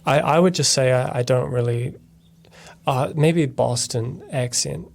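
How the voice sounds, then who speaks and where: A man's voice: mid-range voice, measured pace, gravelly. A man from New Zealand who hosts a podcast, talking in a rambling, chatty way with many restarts. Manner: rambling, self-interrupting, chatty. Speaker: podcast host. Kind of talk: casual bilingual chat.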